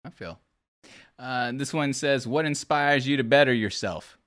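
A man's voice: mid-range voice, a little slow, a bit bright. A man hosting a casual stream chat, laid-back and teasing as he reads out viewer questions. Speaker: streamer host.

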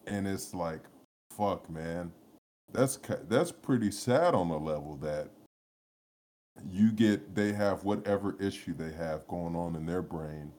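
Brief: very low-voiced podcast co-host, rambling, profane, laughs a lot. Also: male voice, unhurried, a little mellow, slight background noise. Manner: rambling, profane, laughs often, lots of restarts. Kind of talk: casual chat, storytelling.

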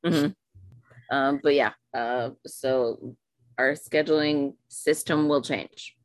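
A woman co-hosting a podcast in casual chat, chiming in with quick teasing replies and easy laughter. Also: very deep voice, steady tone, dry recording. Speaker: podcast co-host.

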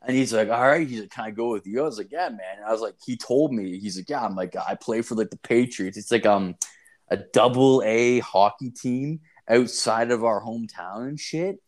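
A man's voice: lowish voice, fast talker, few pauses. Profane rambling man telling stories. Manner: profane, rambling, animated storytelling with heavy filler. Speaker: storyteller. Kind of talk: casual chat.

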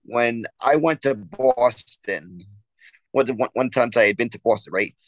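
A man chats casually on a sports podcast and trips over his words, repeating himself before he gets to the point. His voice sits at an ordinary pitch. It is recorded close and dry, with a slightly dull, muffled sound. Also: measured pace, no room sound. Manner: rambling storyteller with many restarts and stammers. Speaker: podcast co-host.

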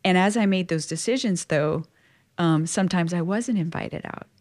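A woman from Louisiana talks as an interview guest, recounting her own story. Her voice sits a little low for a woman. She is chatty and expressive, peppering her sentences with casual fillers. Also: normal speed. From Louisiana, USA. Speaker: guest, Catholic religious sister. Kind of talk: personal storytelling in conversation.

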